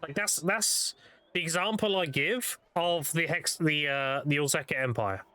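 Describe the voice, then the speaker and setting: A young male streamer talks through grim game lore in a relaxed, rambling way, swearing freely. His voice sits a little high for a man. The sound is dry and close, with no room around it. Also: a little slow, no echo. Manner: profane, laid-back lore explainer. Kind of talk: casual storytelling while gaming.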